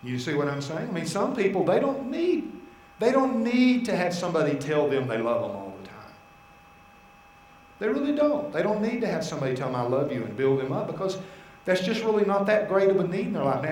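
A male pastor preaching a sermon, telling personal stories with animated asides and quoted dialogue. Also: a little high, brisk, roomy sound, low-quality recording. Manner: animated storytelling, voicing God and his wife in asides.

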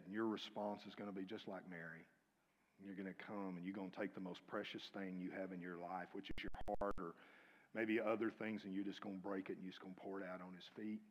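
A man with a fairly low voice preaches a sermon in a church sanctuary, his words trailing into a long hall reverb. He swings from loud, urgent calls to quiet near-whispers and keeps asking the congregation to say his lines back.

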